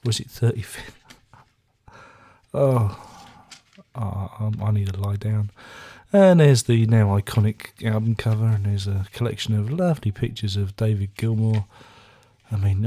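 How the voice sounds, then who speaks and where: An album reviewer casually chats through his record collection, rambling and cracking dry, self-mocking jokes. His mellow voice is fairly low, with fairly even intonation and normal speed.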